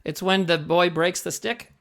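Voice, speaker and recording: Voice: mid-range voice, fairly even intonation, normal speed, a bit bright. A podcast co-host in casual movie chat, rambling and profane with lots of fillers and jokes.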